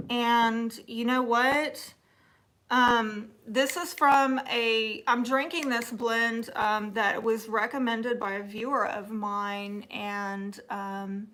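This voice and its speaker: A woman with a Southern accent from Texas, hosting a casual livestream, reading viewer comments aloud and answering them in a chatty, teasing way with frequent laughter. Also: a little high. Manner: chatty and teasing, laughs often, drops to soft asides. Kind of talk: casual live chat.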